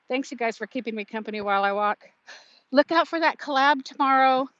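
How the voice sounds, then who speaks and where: 50-something lady walking outside chatting to her live viewers on her phone, kinda high voice, laughs a lot, dull phone sound. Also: sing-song, moderate pace, fairly bright tone, no room sound. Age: 50s. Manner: chatty, reads out viewer comments, laughs often. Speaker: vlogger. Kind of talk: casual live-stream chat while walking. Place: outdoors, walking to her car.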